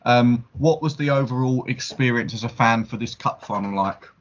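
A man's voice: medium pitch, normal speed, dull audio, slight background noise. Easygoing man leading a fan podcast. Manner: easygoing, steering the talk. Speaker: podcast host. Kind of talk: casual chat.

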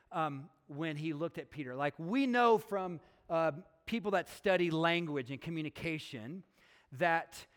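A man with a fairly high voice preaches a sermon, moving from scripture reading into earnest, emphatic appeals. His voice rings through a large hall with a long, lingering reverb. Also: fairly bright tone. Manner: earnest, building to emphatic intensity.

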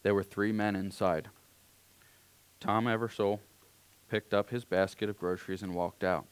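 A man reading a story aloud in a calm, unhurried way, now and then clearing his throat. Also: fairly low pitch, dry recording.

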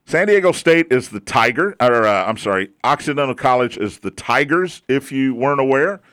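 A man's voice: mid-range voice, lively intonation, normal speed, a bit bright, no room sound. Sports radio host, American man, dry close studio mic, wry stat-heavy delivery. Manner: wry, rattles off scores and records.

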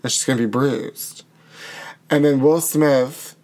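A man co-hosting a casual comedy chat show, talking in a campy, sassy way and riffing quickly on his own jokes. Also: mid-range voice, fairly even intonation, darkish tone. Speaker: podcast co-host.

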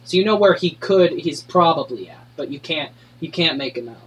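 Brief: male game master, casual, rambling narration, high bright voice. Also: expressive, normal speed, slightly rough, poor audio. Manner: casual, rambling, many fillers and restarts.

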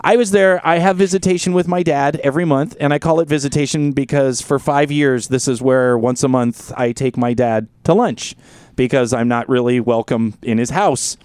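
A man hosting a casual podcast chat, telling a story in an animated, profane way. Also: mid-range voice, normal speed, smooth, dry recording, studio quality. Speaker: podcast host.

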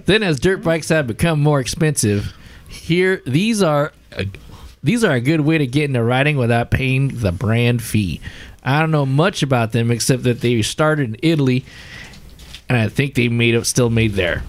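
A man's voice: medium pitch, normal speed. A man co-hosting a podcast, reading a listener email and rambling with asides and laughs. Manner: rambling, self-interrupting, laughs at own jokes. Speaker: podcast co-host. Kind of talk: casual chat, reading listener emails aloud.

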